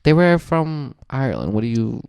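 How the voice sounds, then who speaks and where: Animated man telling a story. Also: mid-range voice, moderate pace, gravelly, clean tone, no echo. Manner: animated, acts out quoted voices, laughs often. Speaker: podcast host. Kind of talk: casual storytelling chat.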